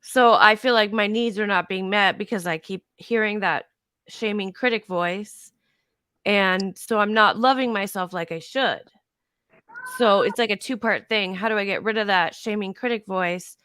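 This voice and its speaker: A woman's voice: medium pitch, a bit bright, clear, resonant tone, no echo, studio quality. A woman hosting a casual heart-to-heart chat, affirming and laughing often.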